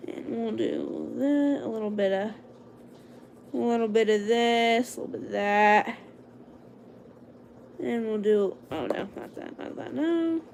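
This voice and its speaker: A young woman livestreaming from home at night, casually chatting to viewers as she draws lettering and talking herself through each step, sometimes in a hushed whisper. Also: on the high side, gravelly, noisy background. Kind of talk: casual livestream chat while drawing.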